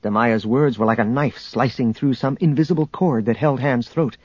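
A man narrating an adventure audiobook in a steady, measured storytelling manner, on a dull lo-fi recording. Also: mid-range voice, breathy edge, no echo. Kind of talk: scripted narration.

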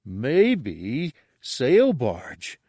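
A man's voice: medium pitch, huge pitch swings, extremely slow, mellow, no echo, studio quality, pitched above the performer's own voice, full character voice. A man voicing a dim, eager pig-like male palace guard who grunts out clipped, broken phrases in a storybook reading. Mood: hopeful.

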